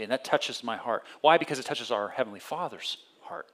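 A man delivering a conversational sermon, often restarting phrases and swinging from loud, high emphasis to low, quiet tones. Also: normal speed, hardly any pauses. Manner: conversational preaching with many restarts and sudden rises in pitch and volume. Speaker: pastor.

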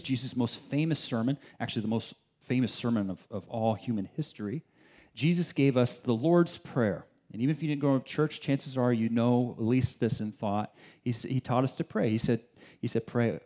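A man preaching a sermon in a conversational, animated way, with rhetorical questions and frequent restarts. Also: medium pitch, a little fast. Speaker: pastor.

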